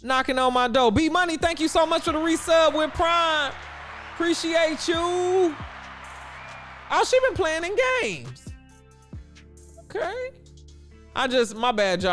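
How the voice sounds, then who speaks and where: A man's voice: high voice, fairly bright tone. A man from Chicago hosting a casual sports livestream, chatty and answering his viewers' chat aloud. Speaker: livestream host.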